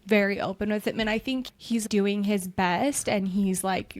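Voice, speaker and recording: A woman's voice: mid-range voice, steady tone, normal speed, few pauses. Openly vulnerable woman podcast co-host. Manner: openly vulnerable, searching, personal. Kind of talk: podcast conversation.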